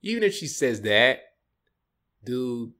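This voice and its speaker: A man's voice: mid-range voice, takes it slowly. Slangy guy hosting a podcast, telling a story, voice bounces all over. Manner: animated, slangy, jumps into voices. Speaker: podcast host.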